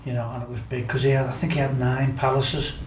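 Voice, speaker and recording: Talking fast with a medium pitch and flat delivery, this Scouse guest from Liverpool, England, tells rambling stories in a casual chat, full of fillers such as "do you know what I mean." An echoey room and faint background noise color the recording.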